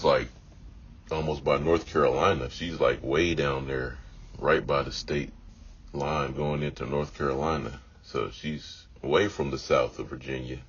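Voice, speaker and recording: A man talking in a casual, meandering monologue, often repeating himself and leaning on "you know.". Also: extremely low pitch. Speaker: vlogger. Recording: dull lo-fi audio with faint noise.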